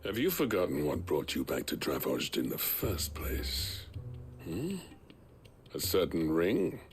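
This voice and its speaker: A gruff, gravelly master smith. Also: male voice, very deep voice, huge pitch swings, unhurried, heavily acted. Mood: proud, teasing. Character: gruff middle-aged male master smith, proud. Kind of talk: video game voice acting. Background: game music.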